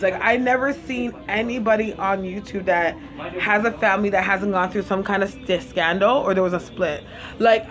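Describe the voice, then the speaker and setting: A woman with a Caribbean accent hosting a casual live stream, chatting and eating while she answers viewers' comments. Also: mid-range voice. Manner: chatty, eats while talking, reads viewers' comments aloud. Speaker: livestream host.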